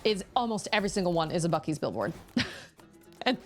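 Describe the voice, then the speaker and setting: Chatty woman streamer, lively voice. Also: fairly low pitch, a little fast, soft background music. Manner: chatty, rambling, exclamatory. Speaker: gaming streamer. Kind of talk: casual chat while playing.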